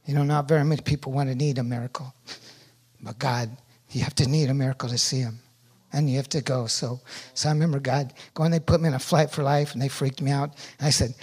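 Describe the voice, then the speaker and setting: A middle-aged man giving a sermon testimony, telling his story with animated energy that rises loud at its peaks. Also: medium pitch, quick pace, breathy edge. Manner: animated storytelling, rising loud when reliving pain.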